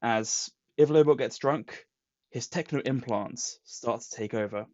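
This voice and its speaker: A man's voice: mid-range voice, unhurried, a little mellow, no room sound. A man co-hosting a podcast, casually recapping a comic plot with put-on quotes. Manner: retells plots with put-on quotes. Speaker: podcast co-host. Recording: dull lo-fi sound.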